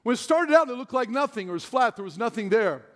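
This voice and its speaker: A man's voice: extremely high pitch, lively intonation, fast talker. A middle-aged man preaching a sermon as pastor, telling stories in a self-deprecating way and laughing often. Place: large church hall. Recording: long hall reverb.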